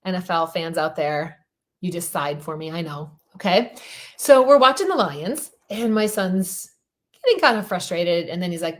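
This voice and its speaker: A middle-aged woman coach giving an animated motivational talk on a group call, telling stories and repeating her points for emphasis. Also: lowish voice, normal speed. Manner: animated storytelling, emphatic repetition.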